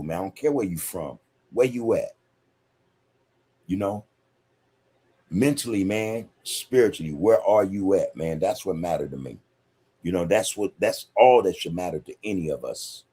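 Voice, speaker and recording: A man hosts a laid-back livestream podcast, reading viewer comments aloud, laughing often and saying "man" a lot. His voice sits low and mellow with a breathy edge.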